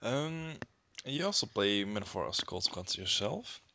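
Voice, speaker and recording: Low bright-voiced male interviewer. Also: big pitch swings, unhurried, creaky, no room sound. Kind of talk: casual interview questions.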